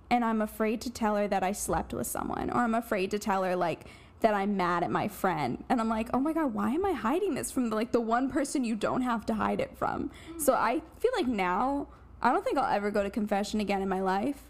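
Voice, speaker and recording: Chatty laughing woman podcast guest. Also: fairly high pitch. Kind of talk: casual podcast chat.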